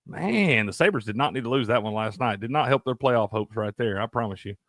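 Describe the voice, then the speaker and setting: On a casual sports betting show, a mid-range-voiced male co-host talks briskly, swears freely, and laughs a lot with animated energy. The sound is dry and clean, studio-recorded.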